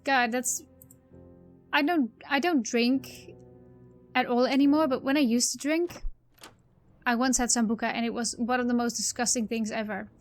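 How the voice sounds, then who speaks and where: A woman's voice: a little high, fairly even intonation, normal speed, long pauses, faint music behind. A woman doing let's play commentary, rambling and thinking aloud as she plays. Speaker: video game player.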